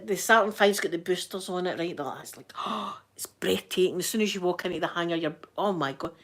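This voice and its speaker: A woman's voice: mid-range voice, fairly bright tone. A woman with a broad Scottish accent chatting casually on a livestream, reading out viewer names and laughing often. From Scotland. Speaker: livestreaming YouTuber. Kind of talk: casual live chat.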